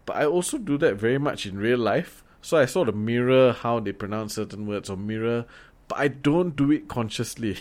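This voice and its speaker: A man's voice: medium pitch, expressive, moderate pace, darkish tone. A man co-hosting a podcast in casual chat, talking loosely with lots of fillers and restarts and the odd swear. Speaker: podcast co-host.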